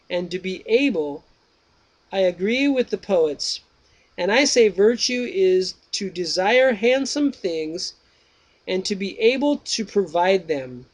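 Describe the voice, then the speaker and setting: A man voicing Menon, a young Greek student, reading his replies slowly and with emphasis. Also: high voice, pitched above the performer's own voice, exaggerated voice, poor audio.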